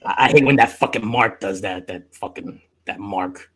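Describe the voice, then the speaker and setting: A man's voice: lowish voice, moderate pace, fairly bright tone. A man hosting a casual live-stream podcast chat, loose and joking, swearing freely. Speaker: podcast host.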